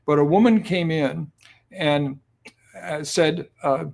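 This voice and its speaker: An older man in his seventies, a guest on an interview show, recounts stories in a loose, relaxed way, pausing on plenty of ums and uhs. His voice sits a bit higher than most men's. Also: creaky. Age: 70s. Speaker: guest, company cofounder. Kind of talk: conversational storytelling.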